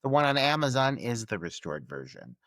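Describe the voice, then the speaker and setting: A man's voice: medium pitch, big pitch swings, brisk, a bit bright, no room sound. Chatty podcast guy riffing on a horror film, lots of likes and ums, dry close sound. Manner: chatty, many fillers and restarts. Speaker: podcast co-host. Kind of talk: casual film-review chat.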